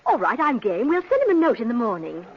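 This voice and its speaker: A woman playing a witty, teasing unmarried woman in an old radio drama, with a husky voice. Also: on the high side, fast, very noisy. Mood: curious. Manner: teasing, lively, conversational. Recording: dull vintage radio recording.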